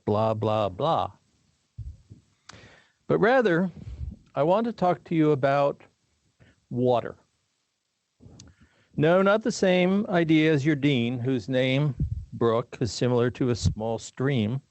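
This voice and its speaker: An older man giving a formal commencement address in a measured, deliberate way with dry humor. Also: fairly high pitch, darkish tone, dry recording, highs cut off. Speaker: commencement speaker.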